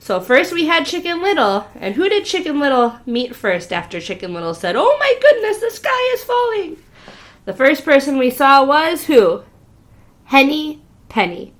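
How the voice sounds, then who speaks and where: A woman's voice: high voice, fairly bright tone. A woman preschool teacher reading a storybook aloud to young children, asking them questions and spelling out letters.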